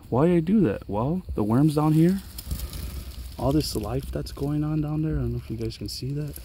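A gardening vlogger from the Los Angeles area gives viewers an enthusiastic, chatty tour of his pepper garden on a mountain trail. His medium-pitched voice is a little mellow with a breathy edge.

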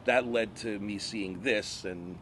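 A man's voice: fairly low pitch, takes it slowly, a bit bright, a little hiss or hum. A man guest casually telling rambling stories and laughing often. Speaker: wrestler guest. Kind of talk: casual storytelling.

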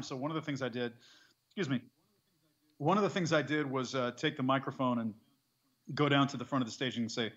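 A male voice actor chatting casually as an interview guest, animated and quick to laugh, trying out accents as he talks. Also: mid-range voice, muffled recording.

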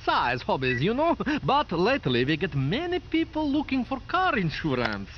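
A man's voice: sits high, huge pitch swings, moderate pace, lo-fi sound, slight background noise. A man voicing a male meerkat in an ad, with a heavy put-on foreign accent. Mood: pitching.

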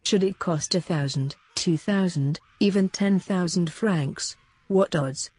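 A woman's voice: on the low side, slow pace, a little mellow, husky, dry recording. A woman reading the part of a dying, greedy old man who speaks anxiously and sighs. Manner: anxious, sighing.

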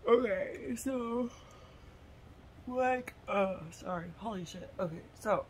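A woman's voice: medium pitch, slow pace, a little mellow, a little hiss or hum. A woman rambling through a silly story idea in a casual monologue, giggling, swearing and losing her train of thought. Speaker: tarot vlogger.

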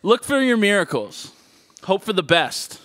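A man's voice: sits high, very animated, unhurried, a bit bright, no room sound, voice pushed up, exaggerated voice. A man imitating a woman co-host as she reads an inspirational quotation aloud in a mock-earnest, sing-song way. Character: woman co-host reading a quote gently.

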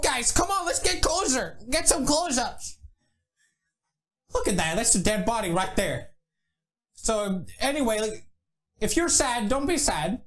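High, lively-voiced clowning man. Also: measured pace, pauses often. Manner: exaggerated, mock-dramatic, clowning. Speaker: YouTuber. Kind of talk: goofy comedy sketches.

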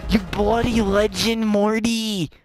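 A woman voicing a brash old grandpa scientist in playful game voice-over, slinging mock-Australian slang and shouting. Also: medium pitch, fairly even intonation, takes it slowly, natural voice. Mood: rowdy. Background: game music.

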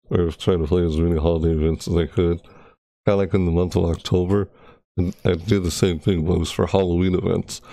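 Young guy streaming, low gravelly voice, rambles on nonstop into a close mic. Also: dark tone, dry recording. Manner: talkative, rambling, repeats himself. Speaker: live streamer. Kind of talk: casual rambling stream chat. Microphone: close desk microphone.

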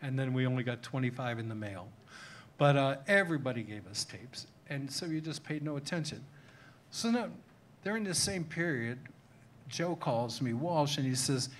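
A man's voice: mid-range voice, animated, moderate pace, a little hiss or hum. An older man from Cleveland, Ohio, telling self-mocking, name-dropping stories about his own memoir at a live tavern talk. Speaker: memoir author, guest. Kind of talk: anecdotal storytelling at a live talk.

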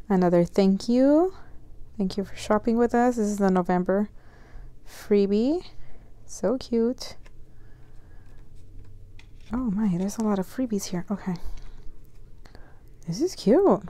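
Woman, young adult, casual unboxing chat, gushing, excitable. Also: medium pitch, dry recording. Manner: gushing and excitable, many gasps and "so cute". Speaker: vlogger.

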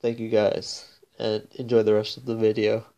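A young man calmly addressing viewers with a warning before a gameplay clip. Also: lowish voice, normal speed. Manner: calm, even address to viewers. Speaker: gaming YouTuber.

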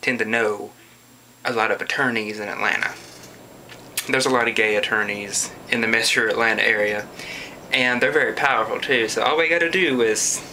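A man's voice: fairly low pitch, moderate pace, sharp tone, a little hiss or hum. A young man, telling a story in a sarcastic, profane vlog rant. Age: young adult. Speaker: vlogger.

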